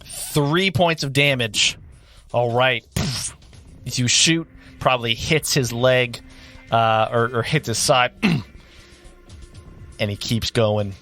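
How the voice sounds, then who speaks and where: A man runs a tabletop game, his voice bright and ringing. He rambles through rulings, often stopping to correct himself. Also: mid-range voice, steady tone, takes it slowly, pauses often, faint music behind. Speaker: game master.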